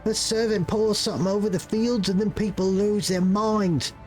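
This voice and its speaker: A frightened young peasant rebel, played by a man, pleading in a rough put-on British accent and spilling words in a desperate rush. The voice sits noticeably higher than a normal speaking voice, with faint music playing underneath. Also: fairly even intonation, normal speed, darkish tone, close to an everyday voice. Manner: urgent, pleading, breathless storytelling.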